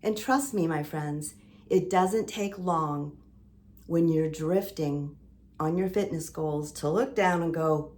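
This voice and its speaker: A middle-aged woman talks straight to her viewers in an earnest, emotional vlog. Her voice sits a little low for a woman. She stacks repeated phrases for emphasis. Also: slow, darkish tone. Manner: earnest, emotional, full of sailing metaphors. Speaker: lifestyle vlogger. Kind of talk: heartfelt motivational monologue.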